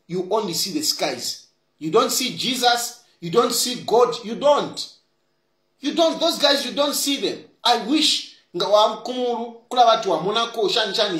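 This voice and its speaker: A man's voice: sits high, a bit bright, reverberant. A man with a Zambian accent giving argumentative political commentary full of rhetorical questions. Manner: argumentative, rhetorical questions, mixes English with Bemba.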